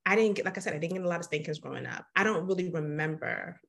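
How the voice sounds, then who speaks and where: A woman's voice: on the low side, quick pace, creaky, a bit bright. A woman and mother co-hosting a casual chat, responsive and reflective, laughing easily. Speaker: podcast co-host and mother.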